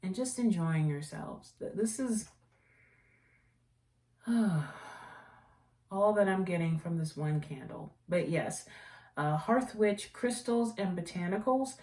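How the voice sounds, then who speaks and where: A woman with a lowish voice hosts a casual tea vlog, rambling happily and gushing over products she loves. She sits back from the mic, and the room adds a noticeable echo. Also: lively intonation, measured pace, recorded from a distance. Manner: rambling, warm-hearted enthusiasm for products. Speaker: tea vlogger and host. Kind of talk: casual chatty review. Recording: echoey room, voice away from mic.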